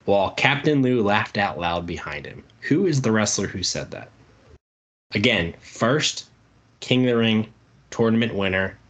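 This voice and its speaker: Lowish-voiced guy running a trivia game on a podcast, easygoing, reads quotes out. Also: expressive, a little slow, a bit bright. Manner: reads trivia questions and quoted promos, laughs easily. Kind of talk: casual chat.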